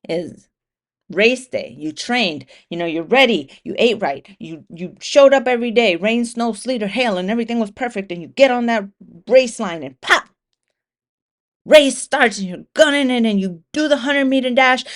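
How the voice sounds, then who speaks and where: A woman hosting a solo motivational podcast, talking casually with lots of swearing and acting out the inner voices of imagined runners. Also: on the high side. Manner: animated, profane, acts out imagined racers' thoughts. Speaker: podcast host.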